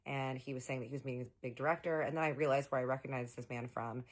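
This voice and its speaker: A woman with a low, deep voice rattles through a personal story at high speed. She speaks in a chatty vlog style and turns often to address her viewers directly. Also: fairly even intonation, rapid-fire.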